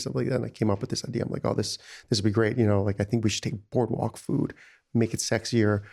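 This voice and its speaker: A man's voice: fairly low pitch, steady tone, fast, creaky, warm tone. A man, a restaurant founder telling stories in a casual interview, rambling with many "you know"s. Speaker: restaurant founder, podcast guest.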